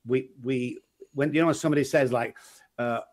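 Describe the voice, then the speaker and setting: A man's voice: medium pitch, fairly quick. A middle-aged man with a Manchester accent, telling stories as an interview guest and acting out the people he quotes. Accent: Manchester English. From England. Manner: animated storyteller, acts out quoted voices. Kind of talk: casual interview chat.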